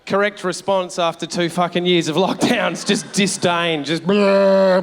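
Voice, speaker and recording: A man's voice: high-pitched, fairly even intonation, moderate pace, a bit bright, slight background noise. Brash, sweary man doing stand-up. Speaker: stand-up comedian. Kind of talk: stand-up comedy set. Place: large theatre stage. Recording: live venue with long reverb.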